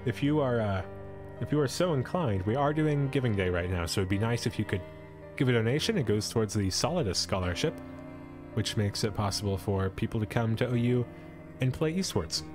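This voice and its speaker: A man's voice: medium pitch, animated, brisk, music in the background. A young man streaming live, reading an adventure story aloud and breaking off to joke with his chat. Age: young adult. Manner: playful, breaks off to joke and comment. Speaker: esports streamer.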